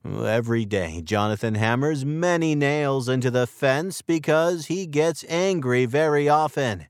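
A man narrating a textbook story for language learners in a clear, deliberate and expressive way. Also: medium pitch, dry recording, studio quality. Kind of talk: slow scripted narration for learners.

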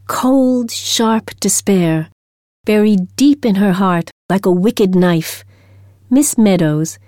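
A woman reading a short story aloud in a slow, deliberate storytelling manner. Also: lowish voice, mellow, no echo, studio quality. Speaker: audiobook narrator. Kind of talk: scripted narration of a short story.

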